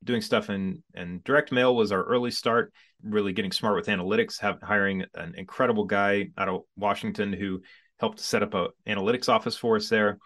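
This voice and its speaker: A man in his forties with a lowish voice tells his story as a podcast guest. He speaks casually and with energy, and now and then acts out how he reacted back then. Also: fairly quick. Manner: animated storyteller who acts out his own past reactions. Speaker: podcast guest, business coach.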